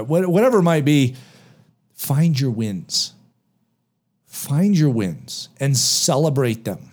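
A man talks with a lively, swooping voice that rises and falls a lot as he drives his points home. He asks himself questions and answers them. It is the energetic delivery of motivational podcast talk. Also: a little high, unhurried, long pauses. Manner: emphatic, animated, rhetorical questions. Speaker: podcast guest author.

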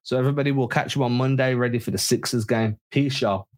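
A man's voice: medium pitch, fairly even intonation, fast talker. A man co-hosting a sports podcast, giving emphatic opinions in casual chat. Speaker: podcast co-host.

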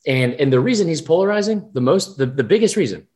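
A man co-hosting a sports podcast, talking in a rambling, animated, profane way. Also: on the high side, quick pace. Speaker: podcast co-host. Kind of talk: casual sports chat.

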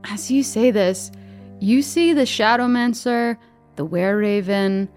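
A woman game master narrating a tabletop game, lively and descriptive. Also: on the high side, slow pace, faint music behind. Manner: lively, laughs often, descriptive.

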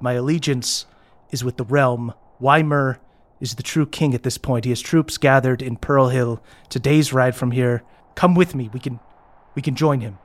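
A man's voice: medium pitch, lightly acted. A man playing an earnest male knight, a captain of the guard, who speaks in a formal, pleading way.

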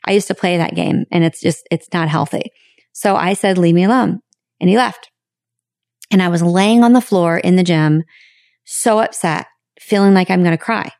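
A woman hosting a podcast, talking in a frank, reflective way with sudden high bursts of emphasis and some casual swearing. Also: moderate pace, a little mellow, no room sound, studio quality. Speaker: podcast host. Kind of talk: candid podcast monologue.

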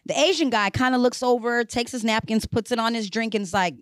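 A woman's voice: on the high side, brisk, dry recording, clean studio sound. A young woman, co-hosting a podcast, telling stories in casual chat and acting out the dialogue with lots of profanity. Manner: animated, profane, acts out dialogue. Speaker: podcast co-host.

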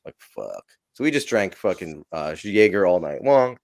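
Deep-voiced guy rambling through party stories, swears a ton, keeps laughing. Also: huge pitch swings, normal speed, creaky, darkish tone. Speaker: podcast guest. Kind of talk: casual storytelling.

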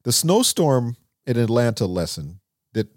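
A man telling stories as an interview guest in a recording studio, animated and acting out what people said. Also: a little slow, dry recording. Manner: animated, acts out quotes with lively pitch. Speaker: songwriter and producer, interview guest. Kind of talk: conversational storytelling.

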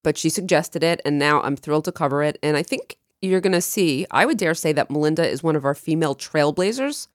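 A woman co-hosting a true crime podcast, chatting and narrating a case with lively jumps in pitch when excited. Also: fairly quick, few pauses, dry recording, clean studio sound. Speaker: podcast co-host.

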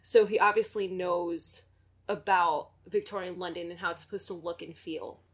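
A woman's voice: lowish voice, fairly even intonation, normal speed, slightly rough. Enthusiastic woman podcast co-host. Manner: enthusiastic, laughs often, many fillers. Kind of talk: casual chat.

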